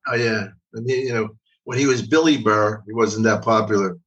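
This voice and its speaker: Rambling older comedian from Philly. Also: male voice, lowish voice, steady tone, moderate pace, fairly bright tone, muffled recording. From Philadelphia. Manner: rambling, repeats words, profane. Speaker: guest comedian. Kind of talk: casual storytelling. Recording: voice from a distance.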